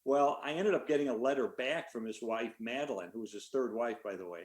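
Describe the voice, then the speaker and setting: An older man, an author, answering a question in a relaxed story full of fillers over a video call. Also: medium pitch, brisk, roomy sound. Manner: relaxed, rambling with many fillers. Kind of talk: conversational storytelling.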